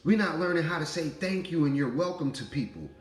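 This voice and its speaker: A man, in his thirties, giving an animated spiritual monologue about parenting and laughing as he acts out voices. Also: on the high side, fairly quick, echoey room, soft background music, rough recording. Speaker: spiritual vlogger, father.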